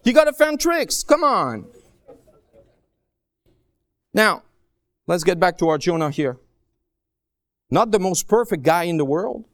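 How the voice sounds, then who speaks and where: A man preaching a sermon as a guest preacher, stretching key phrases out slowly and swinging from soft asides to raised, pleading lines. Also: sits high, sing-song, no echo, studio quality. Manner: slow, drawn-out emphasis on key phrases.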